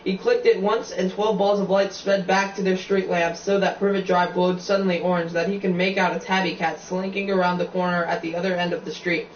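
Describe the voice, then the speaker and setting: A man's voice: high voice, little pitch movement, brisk, hardly any pauses, reverberant, recorded from a distance, muffled recording, a little hiss or hum. A man reading a novel aloud, stumbling and restarting lines often. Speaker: reader.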